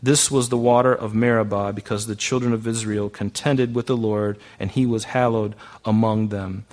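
A pastor delivers a conversational sermon full of rhetorical questions. He speaks at a normal speed with a fairly low, steady, somewhat mellow voice.

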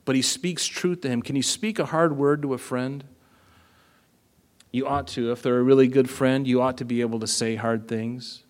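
A man's voice: mid-range voice, fairly even intonation, moderate pace. A man preaching a sermon in a conversational way, asking his listeners questions and acting out the lines he quotes. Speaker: pastor.

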